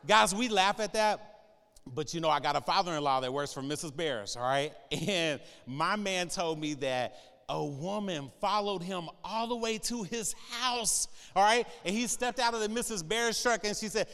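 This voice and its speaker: Man, 40s, comic preacher: high, clear voice, animated storytelling, reverberant hall. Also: moderate pace. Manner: animated, joking, tags lines with "all right?". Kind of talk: humorous sermon storytelling.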